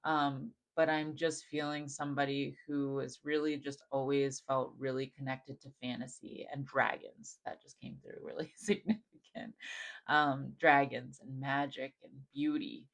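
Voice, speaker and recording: A man giving a channeled spiritual message straight to the viewer, gentle and affirming, repeating phrases and using many "like" fillers, often dropping to a soft hush. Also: medium pitch, little pitch movement, measured pace, creaky, low-quality recording.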